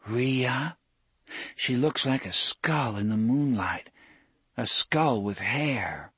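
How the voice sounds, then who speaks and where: A man voicing an entranced young woman in a high, dreamy, sing-song lilt. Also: lively intonation, slow, a bit bright, slightly rough, dry recording, exaggerated voice.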